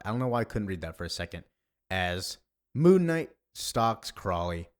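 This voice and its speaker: A man's voice: on the low side, big pitch swings, moderate pace. A man casually narrating a comic book, adding chatty asides between the characters' lines. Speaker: comic reader, voice-over creator.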